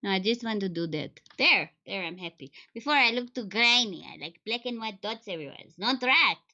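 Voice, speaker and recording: A woman's voice: mid-range voice, lively intonation, fairly quick, bright, forceful tone, dull audio. A woman vlogging casually, playful and theatrical, often squealing in mock panic. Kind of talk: casual chat with filters, playful.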